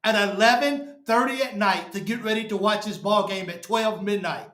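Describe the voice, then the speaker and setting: Frustrated high-voiced man ranting. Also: moderate pace, sharp tone. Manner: frustrated, repetitive, keeps saying "man". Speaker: fan show host. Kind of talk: post-game fan rant. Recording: echoey room.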